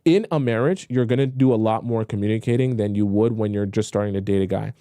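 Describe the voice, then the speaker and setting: Reading out viewers' questions on his live dating advice stream, a young man gives blunt, repetitive, chatty answers and mimics pleading voices to mock them. He speaks fast in a lowish, dark voice with no echo.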